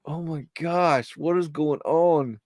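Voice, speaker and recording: A man's voice: fairly high pitch, takes it slowly, darkish tone, dry recording, clean studio sound. A man hosting a live show, talking through archive photos in a hesitant, rambling way, often muttering exclamations and swearing when something spooks him. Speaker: livestream host.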